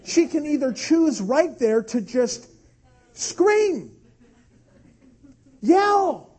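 A man in his thirties preaching a sermon, telling a family story with animated delivery and acted-out shouts. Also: very high-pitched, unhurried, breathy edge. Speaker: pastor.

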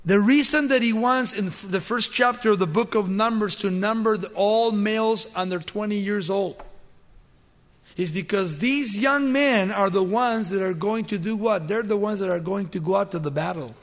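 A man preaching a sermon in a storytelling way, pausing to throw rhetorical questions at his listeners. His voice is fairly high, and a long reverb hangs in the church hall.

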